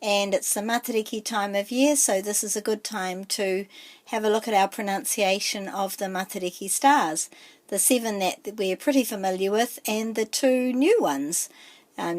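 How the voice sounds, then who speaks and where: A woman, teaching a pronunciation lesson with slow, careful enunciation. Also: mid-range voice. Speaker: te reo teacher and author.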